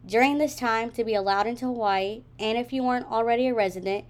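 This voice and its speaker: A woman's voice: fairly high pitch, fast talker. A young woman narrating a friend's travel story in a wry, teasing way. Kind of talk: scripted narration.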